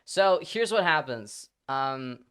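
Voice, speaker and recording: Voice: medium pitch, expressive, slow, a bit bright, clean tone. A livestreamer chatting casually with viewers, joking, swearing freely and slipping between accents. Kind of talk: casual live-stream chat.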